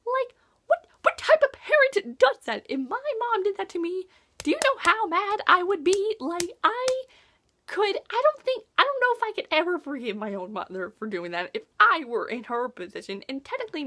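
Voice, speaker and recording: A high-voiced teenage girl talking in a casual book review vlog. She gushes in a chatty way, full of "like" fillers, and reacts with lively asides as she retells the story. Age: teens.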